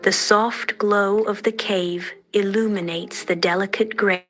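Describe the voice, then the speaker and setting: A woman narrating a fairy tale in a gentle, measured, dreamy manner. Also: medium pitch, fairly even intonation, soft background music. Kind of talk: soft storytelling narration.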